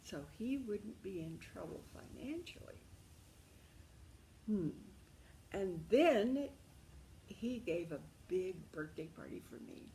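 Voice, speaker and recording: A woman's voice: medium pitch, expressive, slow pace, vocal fry, pauses often, mellow, slight background noise, poor audio. An older woman telling a personal life story in an intimate, emotional way, calling the listener darling and sometimes dropping to a whisper. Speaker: memoir storyteller.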